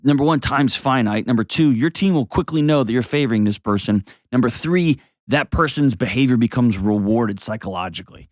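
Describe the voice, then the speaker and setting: A man's voice: medium pitch, lively intonation, brisk, no room sound, clean studio sound. A man hosting an advice show, talking bluntly and emphatically and repeating words for stress. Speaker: host.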